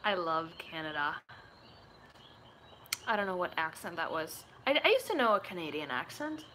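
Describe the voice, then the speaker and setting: Young Puerto Rican woman, bright chatty voice. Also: mid-range voice, big pitch swings, fast, a little hiss or hum, poor audio. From Puerto Rico. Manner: reads chat questions and answers offhand, tries joke accents. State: sore, tired voice. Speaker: streamer chatting with viewers. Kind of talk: casual live-stream chat.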